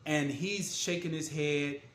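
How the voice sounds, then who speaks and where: A man's voice: a little high, steady tone, takes it slowly, a bit bright, slight background noise. A man, an author and motivational speaker, telling his story in a casual, earnest and emphatic way. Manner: earnest and emphatic, retelling scenes with voiced quotes. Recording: echoey room.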